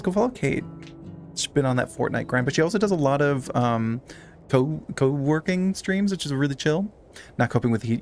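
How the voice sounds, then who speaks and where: A man's voice: medium pitch, creaky, darkish tone. A man chatting casually with his viewers while playing a game, swearing freely and reading text aloud. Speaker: streamer. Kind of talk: casual live-stream chat while gaming.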